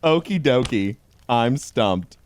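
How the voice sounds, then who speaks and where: A man giving a deadpan comedic reading of a holiday pun book, with dry delivery. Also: medium pitch, slow. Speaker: host.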